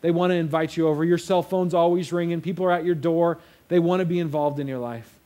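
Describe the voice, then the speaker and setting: A man's voice: on the high side, steady tone, quick pace, mellow. A young man preaching a sermon in a casual storytelling way, acting out the quotes. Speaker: pastor.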